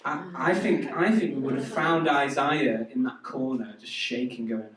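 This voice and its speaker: A man's voice: medium pitch, slow, a bit bright. A man preaching a sermon to a youth group, chatty and quizzing the audience. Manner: chatty, asks the audience questions. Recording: echoey hall from far off.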